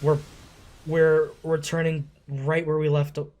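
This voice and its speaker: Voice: mid-range voice, flat delivery, a little slow, a little mellow. A young adult hosting an anime reaction video, gasping, exclaiming and swearing at the screen. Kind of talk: emotional reaction commentary.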